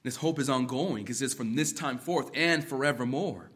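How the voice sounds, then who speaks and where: A man preaching an expository sermon, moving between quiet reflection and emphatic exhortation. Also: mid-range voice, normal speed. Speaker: pastor.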